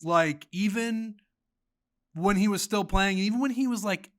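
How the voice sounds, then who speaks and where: A man's voice: sits high, unhurried. A man co-hosting a podcast, talking in a rambling, casual way with lots of filler words. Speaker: podcast co-host. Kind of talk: casual chat.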